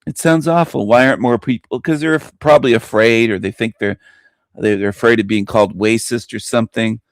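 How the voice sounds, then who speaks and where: A male radio host in a forceful monologue, hammering his points by repeating them and chuckling between lines. His voice sits at an ordinary middle pitch. The sound is close and dry, with no room around it. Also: fairly even intonation, brisk, dry recording. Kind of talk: opinionated monologue.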